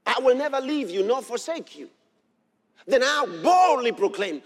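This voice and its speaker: A man preaching a sermon as pastor, emphatic and building to shouts. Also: extremely high pitch, big pitch swings, normal speed. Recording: long hall reverb.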